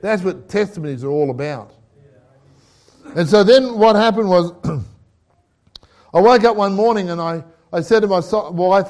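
A middle-aged Australian man preaching a testimony, telling a story with acted-out dialogue and laughter. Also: sits high. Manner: animated storyteller who acts out dialogue and laughs.

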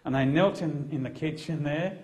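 A man's voice: fairly high pitch, moderate pace, a little mellow. A middle-aged Australian man, a Christian police officer, telling an emphatic testimony as a preacher. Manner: earnest, emphatic storytelling.

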